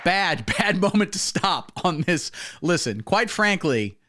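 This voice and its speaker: A man's voice: sits high, big pitch swings, takes it slowly, very noisy. A man hosting a comedy livestream, riffing with crude, profane, mocking commentary. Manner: profane, rambling, mocking riffs.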